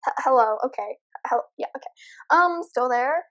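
High-voiced nervous young woman gamer. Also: lively intonation, normal speed, a bit bright. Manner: nervous, jumpy, talks to viewers. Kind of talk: horror game commentary.

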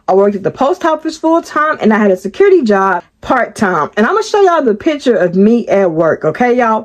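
Young woman, storytime vlogger, animated and chatty, fairly high voice. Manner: animated, talks straight to viewers. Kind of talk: storytime vlog.

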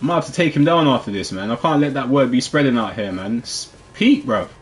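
Excitable man commenting on gameplay. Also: mid-range voice, a little fast. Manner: excitable, trash-talking, with sudden drops to muttering. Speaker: gaming video host.

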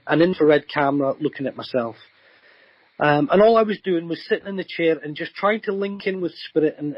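A man's voice: a little high, husky, no room sound, highs cut off. A man, a guest psychic medium, telling a long story in an earnest, rambling way full of ums and restarts. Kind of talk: remote radio interview storytelling.

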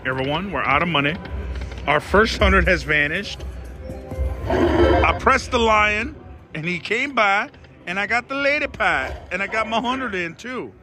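A man's voice: high voice, lively intonation, measured pace, long pauses, over music. A man giving casual live commentary while gambling at a casino slot machine, talking to his viewers in a dramatic, theatrical way.

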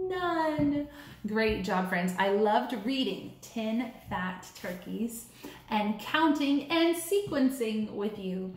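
A woman teacher reading a counting story aloud to young children in a sing-song, animated way, coaxing them to count along. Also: a little high, slow pace. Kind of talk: storybook read-aloud lesson. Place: classroom or learning center room. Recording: echoey room.

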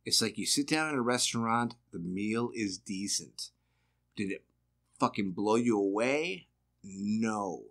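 A man's voice: fairly low pitch, expressive, a little slow, a bit bright. A man from Massachusetts hosting a casual podcast chat, blunt and profane, firing off rhetorical questions. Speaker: podcast host.

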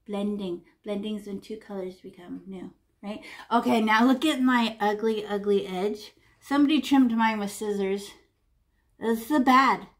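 A woman leading a painting lesson for children, chatty and animated, narrating her brushstrokes with sound effects and sing-song noises. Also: medium pitch, measured pace. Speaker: art teacher.

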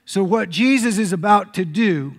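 A man preaching a sermon as pastor, telling the story in an animated way. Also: high voice, moderate pace. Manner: animated storytelling preacher, acts out crowd shouts. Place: church sanctuary. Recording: reverberant church hall.

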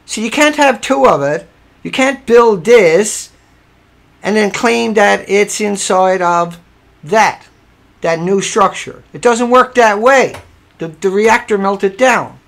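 Emphatic high-pitched gravelly man. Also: measured pace, fairly bright tone. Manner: argumentative, emphatic, repeats himself. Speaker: livestream host. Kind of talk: casual livestream commentary.

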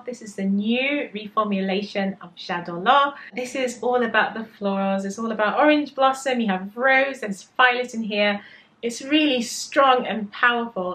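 English woman, vlog host, mid-pitched voice, enthusiastic and gushing, product review. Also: a bit bright. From England. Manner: enthusiastic, gushing with sensory detail. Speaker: perfume vlogger.

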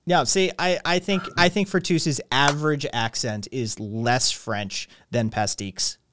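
A man's voice: medium pitch, unhurried, background noise. A man hosting a live stream, chatting casually in a sarcastic, profane, joking way. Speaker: stream host. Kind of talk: casual chat.

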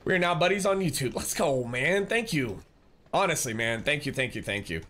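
A man's voice: fairly high pitch, sing-song, normal speed, bright, forceful tone. A man live-streaming, chatting casually and rambling as he answers viewers and thanks them. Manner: rambling, restarts often, reads chat aloud.

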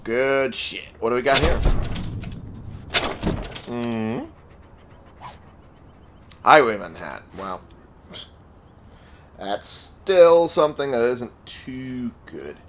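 This gaming video host speaks extremely slowly and pauses often as he casually comments on his gameplay. His let's-play talk is chatty and full of jokes, with lively jumps in pitch.

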